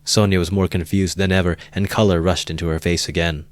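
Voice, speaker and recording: Deep-voiced man reading a novel aloud. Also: little pitch movement, brisk. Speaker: reader. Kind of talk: amateur audiobook narration.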